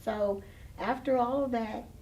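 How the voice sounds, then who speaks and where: A woman's voice: fairly high pitch, a little slow, dark tone, distant mic, poor audio. A woman hosting, asking caring, supportive questions in an interview chat. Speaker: host.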